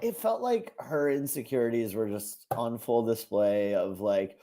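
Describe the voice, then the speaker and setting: A man co-hosting a relaxed reaction podcast, with a voice that swings widely up and down. He laughs a lot and throws himself into acting out quotes in exaggerated voices. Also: mid-range voice, a little slow, few pauses. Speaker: podcast co-host. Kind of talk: casual reaction chat.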